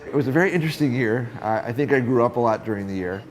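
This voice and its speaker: A middle-aged photographer tells stories from his career in an interview, animatedly acting out the voices of people he met. His voice is medium in pitch, and he talks very fast.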